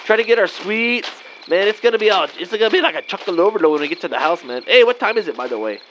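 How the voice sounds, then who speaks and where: A man's voice: high-pitched, lively intonation, rapid-fire, fairly bright tone, highs cut off, slight background noise. A man doing a rambling vato. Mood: laid-back. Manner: rambling, drawled, slangy, peppered with "man" and "vato". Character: laid-back Mexican-American guy trick-or-treating with buddies.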